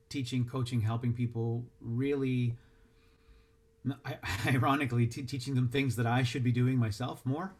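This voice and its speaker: Male voice actor in an interview, mid pitch, thoughtful and halting, often restarts his sentences. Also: a little mellow. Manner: halting, reflective, many restarts. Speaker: voice actor and dialect coach. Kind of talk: interview answers.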